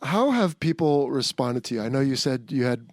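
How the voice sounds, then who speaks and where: A man's voice: medium pitch, sing-song, normal speed, darkish tone, no room sound, studio quality. A middle-aged American man hosting a podcast interview, thoughtful and hedging, often correcting himself mid-thought. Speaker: podcast host. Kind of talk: conversational interview.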